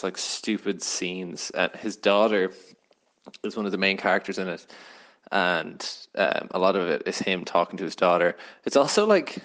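A man giving a casual spoken film review, hesitant and rambling, with lots of fillers and restarts. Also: deep voice.

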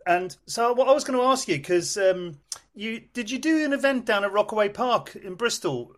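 Male co-host, higher pitch, hesitant casual interviewer. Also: animated, normal speed, a bit bright. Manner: rambling, hesitant, many fillers. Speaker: podcast co-host.

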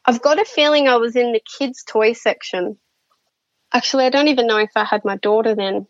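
A woman's voice: on the high side, fairly quick, no room sound, dull audio. A woman, a guest chatting through her experiences with lots of fillers and restarts. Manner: chatty, many fillers and restarts, laughs often. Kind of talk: casual interview storytelling.

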